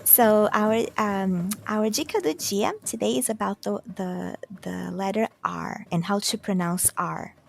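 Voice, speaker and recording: A woman's voice: medium pitch, measured pace, creaky, few pauses. A woman from Santos, Brazil, with a Brazilian Portuguese accent, patiently explaining pronunciation on a podcast with lots of fillers. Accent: Brazilian Portuguese (São Paulo coast). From Brazil, Santos in São Paulo state. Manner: patient, hesitant with many fillers, demonstrates sounds. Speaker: co-host teaching Portuguese. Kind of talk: casual explanatory podcast lesson.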